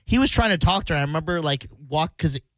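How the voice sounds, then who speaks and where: Male radio co-host, brisk rapid delivery, higher voice, dry mic, animated storytelling. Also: no echo. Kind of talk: casual storytelling chat.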